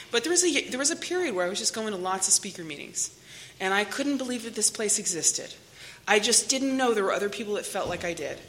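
Bright, candid woman. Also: fairly low pitch, a little hiss or hum. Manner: candid, chatty, self-mocking. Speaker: AA meeting speaker. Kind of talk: personal recovery story.

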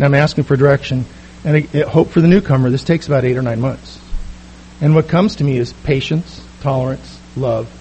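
A middle-aged man with a high voice spins a self-mocking story for a recovery meeting, quick and lively. A faint hum sits under him. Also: dull audio.

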